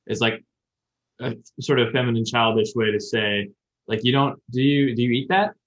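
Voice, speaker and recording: Chatting casually, this male podcast host teaching Japanese works through grammar at length, reasoning out loud as he talks. His mid-range voice is a bit bright and runs at a normal speed, and the audio is dull and lo-fi.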